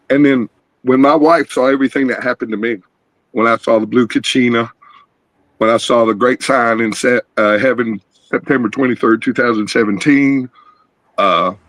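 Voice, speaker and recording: A man's voice: mid-range voice, no room sound, low-quality recording. A middle-aged man, earnestly telling a rambling personal testimony on an open video call panel. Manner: rambling, earnest, animated storytelling. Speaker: guest caller.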